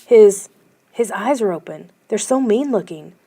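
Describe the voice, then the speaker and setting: A woman's voice: mid-range voice, animated, a little slow, mellow, voice pushed up. A woman doing a teasing skeptical girl. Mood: amazed.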